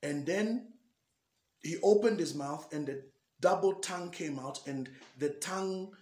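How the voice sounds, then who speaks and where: Male pastor, animated testimony, slightly higher voice, echoey room. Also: unhurried. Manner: animated storytelling, acting out dialogue. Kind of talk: personal testimony.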